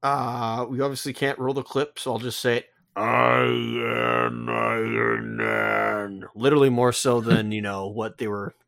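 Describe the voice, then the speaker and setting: A man's voice: mid-range voice, steady tone, brisk, hardly any pauses, dry recording, clean studio sound. A man co-hosting a podcast, casually recapping a comic with jokes and frequent self-corrections. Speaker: podcast co-host.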